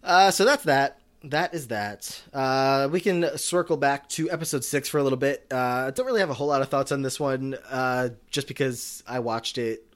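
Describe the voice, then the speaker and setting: A man's voice: mid-range voice, normal speed, hardly any pauses. A man co-hosting a podcast, chatting casually and rambling with lots of filler words. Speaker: podcast co-host. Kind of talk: casual recap chat.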